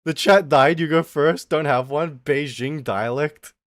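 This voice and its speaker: A man's voice: a little high, unhurried, dry recording, studio quality. A man chatting casually on a live stream, rambling playfully and talking to his chat.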